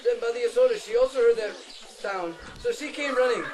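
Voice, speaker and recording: A man telling a devotional story at an outdoor holy site in an animated, dramatic way, explaining chanted phrases. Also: very high voice, brisk. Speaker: pilgrimage speaker. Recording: outdoor crowd noise.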